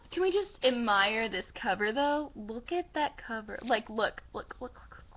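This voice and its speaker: A young woman gushes over her new books in a casual home vlog, her voice high and bubbling with excitement. She rambles happily and drops the occasional swear. The recording sounds slightly dull and lo-fi. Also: unhurried. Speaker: book vlogger. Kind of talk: casual book haul chat.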